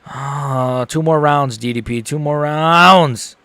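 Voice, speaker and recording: A young man streaming a live fight reaction, excitable, swearing and repeating himself as he swings from groaning despair to shouting. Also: on the high side, takes it slowly, smooth, no echo.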